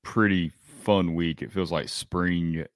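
Man, co-host, very low voice, dry close sound, relaxed sports chat. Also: slow, no echo. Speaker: podcast co-host. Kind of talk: casual sports podcast chat.

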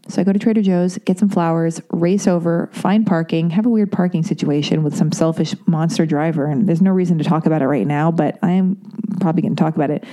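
A woman's voice: medium pitch, warm tone. A young woman telling a casual, candid story with profanity and plenty of fillers, as a podcast host.

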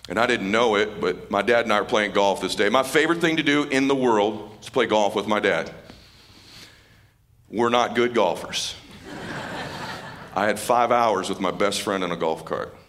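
A middle-aged man giving an emotional stage speech as a motivational speaker, casual and slangy, dropping to a hushed voice in tender moments. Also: fairly low pitch, unhurried, a little hiss or hum. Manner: casual and slangy, calling people dude and man. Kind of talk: emotional speech to a live audience. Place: stage at a live event.

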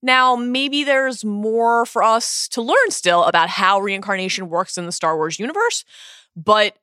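Co-host, woman, bright bubbly delivery, dry close studio sound. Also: mid-range voice, clear, resonant tone, dry recording. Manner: bubbly, laughs often, quick bursts. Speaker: podcast co-host. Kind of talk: casual podcast chat.

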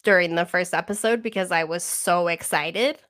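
A woman co-hosting a podcast, chatting enthusiastically, her voice a little squeaky from a tickle in her throat. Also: moderate pace. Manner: animated, enthusiastic, laughs easily. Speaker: podcast co-host. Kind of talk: casual chat.

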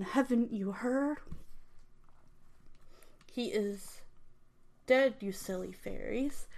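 A young adult woman who hosts her own channel, chatting to viewers and then reading a children's fairy story aloud in a lilting storybook manner. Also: a little high.

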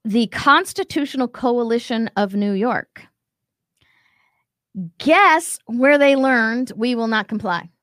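A woman's voice: fairly high pitch, lively intonation, slow pace, fairly bright tone, no echo. A woman hosting a commentary show, talking emphatically and acting out quotes as she reacts to a video. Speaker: show host.

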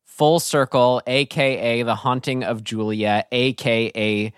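A man's voice: mid-range voice, fairly even intonation, measured pace, clean tone, dry recording, studio quality. A man co-hosting a podcast in casual chat, rambling and laughing at his own slips. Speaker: podcast co-host.

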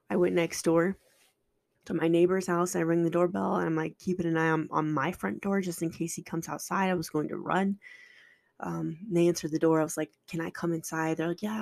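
Woman with a gravelly, frank voice. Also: fairly low pitch, little pitch movement, a little mellow, no room sound. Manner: raw, halting and earnest, with frequent restarts and occasional swearing. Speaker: podcast host sharing a personal story. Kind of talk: candid personal storytelling.

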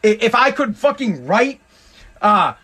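A man's voice: high voice, very animated, unhurried, bright, forceful tone, breathy edge. A man hosting a solo podcast, ranting in an exasperated, heavily profane way. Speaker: podcast host.

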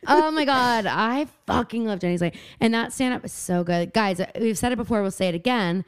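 A young woman co-hosting a podcast, telling stories in a fast, giggly, casual chat. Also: fairly high pitch, smooth, dry recording, studio quality. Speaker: podcast co-host.

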